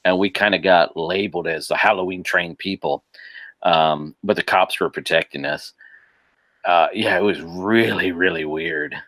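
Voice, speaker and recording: A man in casual podcast chat, animated, laughing often and restarting his sentences. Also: sits low, moderate pace, no room sound. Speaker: podcast guest.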